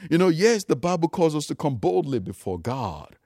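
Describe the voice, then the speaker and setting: A man's voice: fairly high pitch, sing-song, moderate pace, dark tone, no echo, studio quality. A man preaching a sermon, emphatic and rising and falling for emphasis, calling his listeners loved ones.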